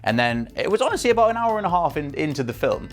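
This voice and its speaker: A man's voice: fairly high pitch, very animated, fast, faint music behind. A man ranting with exasperated, emphatic repetition about bad cinema audiences, speaking to camera as a film pundit.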